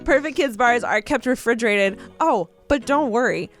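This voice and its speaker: A woman's voice: a little high, lively intonation, moderate pace. A young adult woman co-hosting a podcast, bubbly and laughing, hamming up ad reads. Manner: bubbly, laughs a lot, hammy ad read. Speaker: podcast co-host. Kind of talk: casual chat reading ads.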